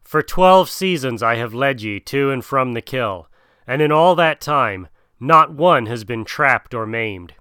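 A man's voice: mid-range voice, expressive, a little slow, pushed and bright, smooth, no echo, clean studio sound. A man voicing a weary old male wolf who leads the pack, speaking with dignity. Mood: weary defiant. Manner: dignified, pleading.

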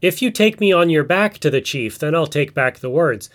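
A man's voice: fairly high pitch, animated, normal speed, fairly bright tone. A man voicing a lazy, boastful male spider trickster who feigns weakness, in a told folk tale. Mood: sly.

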